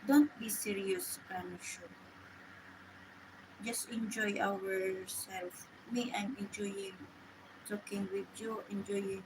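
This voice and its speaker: A woman chats with her live-stream viewers at a slow, unhurried pace. Her English is halting and full of restarts. Traffic and vehicle noise sit clearly behind her voice. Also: mid-range voice, fairly even intonation. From Philippines. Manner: rambling, halting non-native English with many restarts. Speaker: livestream host. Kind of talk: casual chat with viewers.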